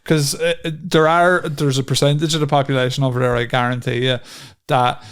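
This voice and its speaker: A man's voice: mid-range voice, little pitch movement, a little fast, a bit bright, smooth. A man co-hosting a podcast, telling rambling stories in casual chat, swearing freely and laughing often. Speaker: podcast co-host.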